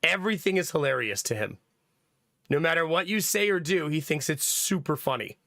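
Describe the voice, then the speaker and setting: Young male streamer, casual rambling chat, fairly high voice, bright tone, dry close sound. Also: animated, brisk, dry recording. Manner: rambling, laughs often. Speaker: livestream host.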